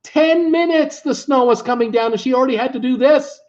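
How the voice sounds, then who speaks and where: Middle-aged Canadian man, fairly high voice, folksy and exasperated live-stream host, dull lo-fi tablet audio. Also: brisk, darkish tone. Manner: folksy and exasperated, with frequent uh fillers. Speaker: travel vlog host. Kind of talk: casual live-stream chat.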